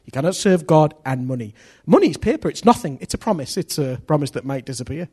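A middle-aged man preaching a sermon in an animated way, acting out voices and swinging from loud to hushed. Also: on the high side, fast, breathy edge.

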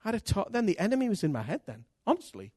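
Animated man preaching. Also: sits high, racing, husky, no room sound, clean studio sound. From Britain. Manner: animated, candid, self-mocking humor. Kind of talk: sermon with personal storytelling.

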